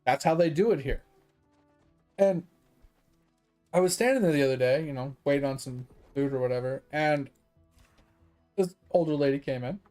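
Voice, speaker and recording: A fairly high-voiced man rants his way through a story on a gaming stream. He talks casually, with lots of fillers and plenty of swearing. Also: moderate pace, pauses often, darkish tone, soft background music. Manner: profane, fired-up storytelling; chatty, with many fillers. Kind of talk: casual livestream rant.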